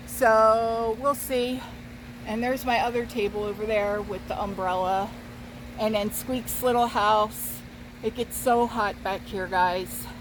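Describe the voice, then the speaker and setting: A woman casually chatting while filming outdoors in her backyard, talking viewers through her setup. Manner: chatty, calls to her cat in a high sing-song. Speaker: vlogger. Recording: outdoor background noise.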